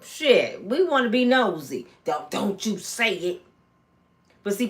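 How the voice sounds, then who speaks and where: Animated chatty woman gossip vlogger. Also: normal speed. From Michigan, USA. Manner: animated, chatty, acts out quotes in high voices. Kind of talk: casual storytelling commentary.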